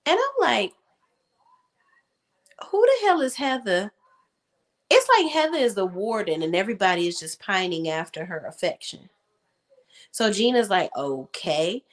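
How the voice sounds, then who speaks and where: A woman hosting a casual reality TV recap, talking in slang and acting out cast members' lines in quick voices. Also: medium pitch, sing-song.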